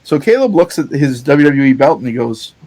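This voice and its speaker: Animated storytelling podcast co-host man. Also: mid-range voice, brisk. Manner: animated storyteller, swears freely, laughs often. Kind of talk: casual chat, recounting a show.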